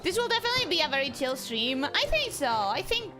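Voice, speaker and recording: A woman's voice: high voice, sing-song, fast. A young woman chatting with her viewers as she streams a game from home on a desk mic, bubbly and talkative, with game music playing behind her. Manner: bubbly, chatty, talks to chat. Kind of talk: casual game stream chat.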